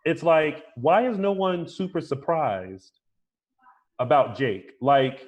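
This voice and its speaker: A man co-hosting a soap opera recap podcast, talking in a playful, animated way and acting out quotes. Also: on the high side, slow, lo-fi sound. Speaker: podcast co-host. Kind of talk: casual chat.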